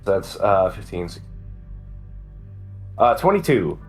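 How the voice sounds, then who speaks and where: A man describes his character's actions during a tabletop game, pausing often on fillers. He talks very slowly in a low voice. Faint music plays underneath. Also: big pitch swings. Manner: halting, hesitant with many fillers. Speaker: player.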